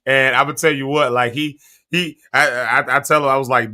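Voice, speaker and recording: Bright-voiced jovial male show host. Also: medium pitch, fairly even intonation, normal speed. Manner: jovial, laughing often. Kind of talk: casual talk show chat.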